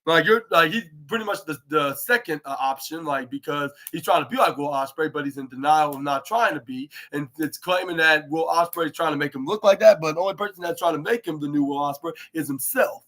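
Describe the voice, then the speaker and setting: High, bright-voiced rambling man. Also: fairly quick, hardly any pauses. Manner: rambling, heavy use of filler "like", retells dialogue. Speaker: podcast host. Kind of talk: casual wrestling show recap.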